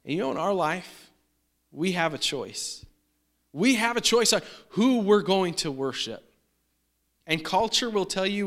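A man preaching a sermon in an animated, emphatic way, acting out the people he quotes. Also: high-pitched, unhurried, long pauses. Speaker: pastor.

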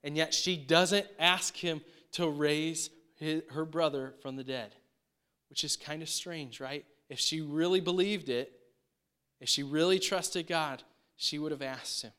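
Man, pastor, sermon, conversational and emphatic, slightly raised pitch. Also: fairly even intonation, measured pace, sharp tone, clean tone. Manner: conversational, emphatic, frequent rhetorical "right?".

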